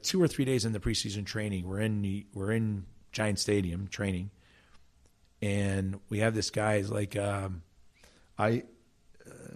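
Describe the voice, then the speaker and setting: A middle-aged man from South Jersey tells his story in an interview, his voice sitting somewhat low. He stumbles and repeats words as he gets going. He stays animated throughout. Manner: animated storyteller with many restarts. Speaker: interview guest, former player and coach. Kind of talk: storytelling conversation.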